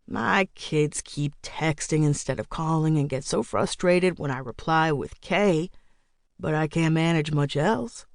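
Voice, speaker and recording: A woman's voice: low voice, a little slow, no room sound, studio quality. A woman voicing a good-humored older man at a book club in an audiobook, who makes wry remarks. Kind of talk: audiobook character reading.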